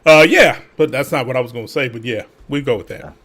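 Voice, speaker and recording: A man co-hosting a podcast in casual chat, ribbing his partner in a dry, deadpan way. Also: mid-range voice, fast talker, slightly rough. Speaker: podcast co-host.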